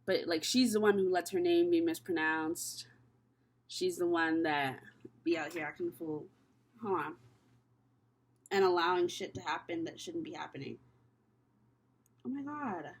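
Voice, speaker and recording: A woman's voice: lowish voice, unhurried, pauses often, breathy edge. Chatty, candid young woman reading tarot. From Canada. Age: young adult. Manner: candid, profane and chatty, thinking aloud. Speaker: tarot reader. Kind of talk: casual tarot reading vlog.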